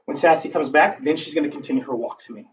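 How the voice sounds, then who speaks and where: A man's voice: on the high side, quick pace. A man working as a dog trainer, giving a casual instructional demonstration and talking through each step with fillers. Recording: distant, dull lo-fi recording with faint background noise.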